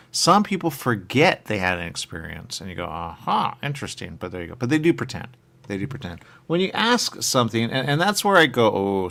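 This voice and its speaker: A man hosting a radio show rambles in casual chat, trailing off and returning to stock phrases like "there you go." His voice is mid-range and a bit bright.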